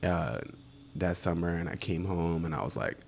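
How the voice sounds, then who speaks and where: A man's voice: deep voice, normal speed, vocal fry, a little mellow, slight background noise. A man being interviewed about his photography career, telling his story casually and acting out the voices of people he quotes. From United States. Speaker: guest photographer. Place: studio set.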